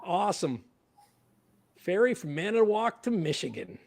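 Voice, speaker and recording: A man's voice: sits high, sing-song, normal speed, vocal fry, a little mellow. A man with a Canadian accent hosting a casual livestream chat, playful and laughing as he keeps score. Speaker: podcast host.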